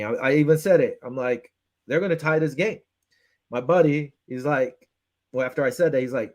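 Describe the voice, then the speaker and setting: His voice sits a little high and moves at normal speed, carrying a Western New York accent. He's a casual sports talk host, heated and annoyed, who replays his own phone calls line by line while analyzing a game, ranting animatedly.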